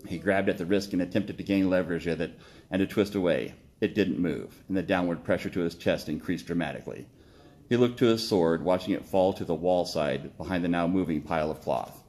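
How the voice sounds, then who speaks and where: A man reading his own story aloud, steady with occasional slips and self-corrections. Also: low voice, a little fast.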